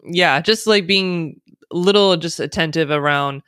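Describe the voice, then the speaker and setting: A woman's voice: on the low side, measured pace, a bit bright, clean tone, no echo, studio quality. An American woman speaking as a podcast guest, chatty and sarcastic, often laughing as she talks. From United States. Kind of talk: casual podcast interview.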